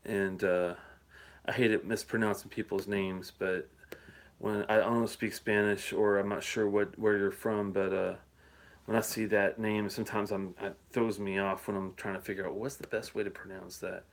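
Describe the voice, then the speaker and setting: A middle-aged man with a fairly low voice chats loosely through a live stream. He rambles, restarts and chuckles between thoughts, speaking into a phone-style device. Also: flat delivery, moderate pace. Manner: rambling and chatty, with frequent fillers and chuckles. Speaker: whisky reviewer hosting a live show. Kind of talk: casual live-stream chat. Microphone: phone or handheld device he plugs in and holsters.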